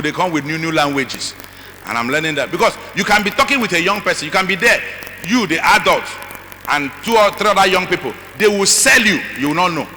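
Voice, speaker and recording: A middle-aged man speaking as a conference speaker, animated and acting out voices with asides to the audience. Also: on the high side. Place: large conference hall. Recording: long hall reverb, faint noise.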